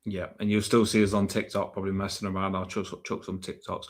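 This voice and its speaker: Excitable scouse fan podcaster. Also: male voice, on the low side, fairly quick, hardly any pauses. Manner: excitable, hyping himself up. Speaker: podcast co-host. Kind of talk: casual fan podcast chat.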